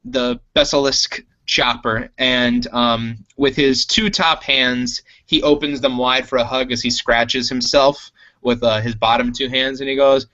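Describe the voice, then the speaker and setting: A man narrating a tabletop role-playing game as game master, unhurried and full of ums and uhs. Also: medium pitch, fairly even intonation, bright, forceful tone, dull audio. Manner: unhurried, filler-heavy narration.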